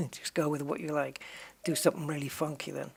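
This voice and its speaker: Gravelly-voiced man chatting on stream. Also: fairly high pitch, little pitch movement, a little fast. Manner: musing aloud, chatty, jokey asides to viewers. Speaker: game streamer. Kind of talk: casual live-stream chat.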